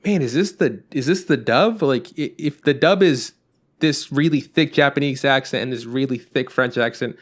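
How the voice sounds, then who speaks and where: A man's voice: medium pitch, moderate pace. A man co-hosting a podcast, rambling in casual chat, acting out quotes and swearing now and then. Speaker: podcast co-host.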